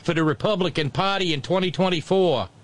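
A man's voice: high voice, fairly quick, voice pushed up, natural voice. A man doing an impression of a blustering middle-aged male politician in a New Jersey accent, delivering a stiff, formal statement. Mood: mock-official. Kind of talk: political impression on a talk show.

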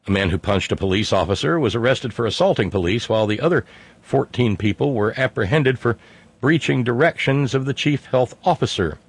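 A man's voice: medium pitch, breathy edge, dry recording. Sardonic, profane man hosting a talk show. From West Virginia. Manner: sardonic, profane, reads listener emails aloud. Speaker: podcast host. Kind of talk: casual talk-show monologue.

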